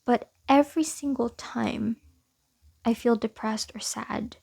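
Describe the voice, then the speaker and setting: A woman's voice: fairly high pitch, steady tone, slow pace, creaky, darkish tone, slightly rough. A young woman casually talking through her year in a vlog, chatty and self-deprecating, often laughing at herself. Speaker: vlogger.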